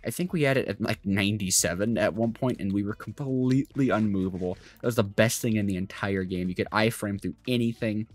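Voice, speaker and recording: A young man giving rambling let's play commentary as a gaming YouTuber, chatty with lots of fillers and asides. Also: on the low side. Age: young adult.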